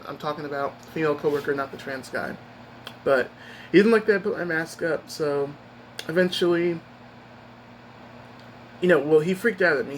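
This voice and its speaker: Rambling, upset man with a higher voice. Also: a bit bright, a little hiss or hum, low-quality recording. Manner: rambling, upset retelling with many restarts. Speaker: vlogger. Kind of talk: casual personal storytelling.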